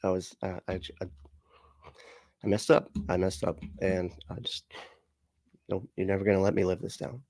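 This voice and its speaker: A man's voice: low-pitched, little pitch movement, moderate pace, long pauses, a little mellow, dry recording. A man streaming casually, reading chat comments aloud, rambling with frequent laughs and swearing. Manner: rambling, laughs often, profane asides.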